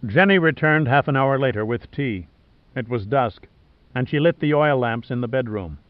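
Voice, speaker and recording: A man narrating an audiobook in a measured, even storytelling manner. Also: medium pitch, no echo. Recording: dull, dry studio recording.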